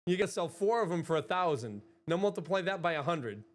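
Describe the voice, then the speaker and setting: A woman's voice: on the low side, expressive, fast talker. A woman streamer in casual livestream chat, rambling, swearing freely and laughing a lot. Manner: rambling, chatty.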